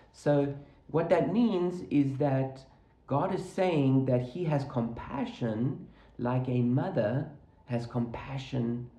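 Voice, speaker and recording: Man from africa preaching, mellow voice, earnest, explains hebrew words, echoey room. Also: mid-range voice. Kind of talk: sermon.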